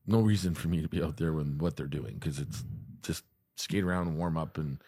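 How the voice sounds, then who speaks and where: A man's voice: very deep voice, a little fast, mellow, husky. A man, a hockey coach, chatting casually and telling funny stories, often breaking into laughter. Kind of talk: casual chat.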